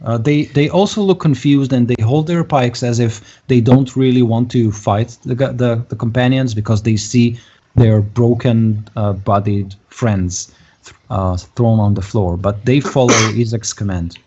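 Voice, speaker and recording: Hesitant, mellow-voiced male game master. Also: medium pitch, fairly even intonation, unhurried. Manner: hesitant, full of fillers, thinking aloud. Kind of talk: narrating a tabletop game. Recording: muffled lo-fi voice chat.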